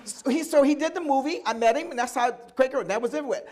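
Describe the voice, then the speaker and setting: Older man, high voice, animated storyteller at a live oral history talk, acts out the voices of others. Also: quick pace. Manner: animated storyteller acting out other people's lines, often laughing.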